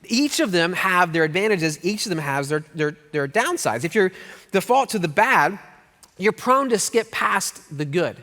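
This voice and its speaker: Middle-aged pastor guy preaching, lively and jokey, kinda high voice, echoey church hall. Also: moderate pace. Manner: animated storyteller with jokes and playful put-on voices. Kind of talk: sermon. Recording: long hall reverb.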